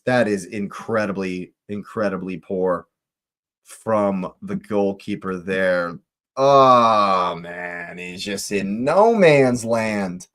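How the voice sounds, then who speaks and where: A man hosting a live football watch-along, reacting to the match in disbelief and repeating his phrases. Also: lowish voice. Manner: exasperated, repeats phrases, slow deliberate delivery.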